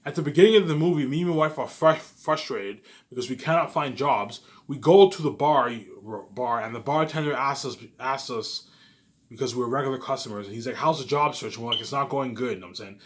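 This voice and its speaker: A young vlogger pitches his movie ideas in a rambling, casual monologue, boasting and swearing while repeating and restarting his phrases again and again. His voice is medium-pitched and fairly quick.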